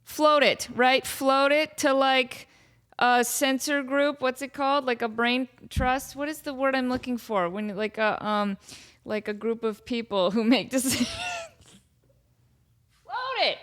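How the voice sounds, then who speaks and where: A woman's voice: sits high, steady tone, measured pace, a bit bright. A woman in her thirties hosting a podcast, chatting casually and joking her way through fan questions with lots of fillers and asides. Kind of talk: casual chat. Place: home near Las Vegas.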